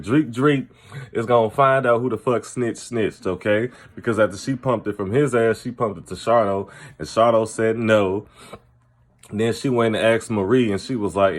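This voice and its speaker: Male vlogger, slightly low voice, trash-talking TV recap straight to camera. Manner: blunt, profane, opinionated. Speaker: TV recap commentator. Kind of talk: casual recap commentary to camera.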